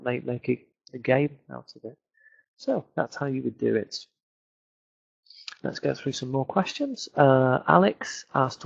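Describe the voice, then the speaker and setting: With a husky, mid-range voice and vocal fry, a man from England with a Northern accent teaches English in a webinar Q&A, answering viewer questions. His explanations are full of fillers, and the audio is dull.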